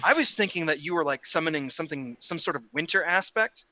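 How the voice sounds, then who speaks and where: A man's voice: fairly high pitch, expressive, quick pace, sharp tone. A man playing in a tabletop game, chatting eagerly after the session, rambling and tripping over his words. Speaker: player. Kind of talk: excited post-session chat.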